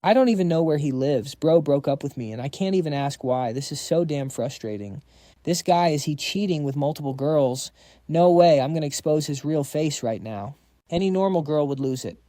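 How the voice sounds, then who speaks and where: A man reads as a jealous young rival who schemes and whines. The tone is mellow and a bit high. It is a dry, close read. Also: lively intonation, moderate pace, no room sound, natural voice. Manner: whiny and spiteful.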